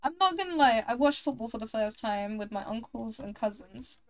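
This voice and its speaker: A woman streams a game and chats over it in a fairly high voice. She is blunt and teasing, and she swears freely as she rambles. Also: animated, a little fast. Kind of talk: casual chat while gaming.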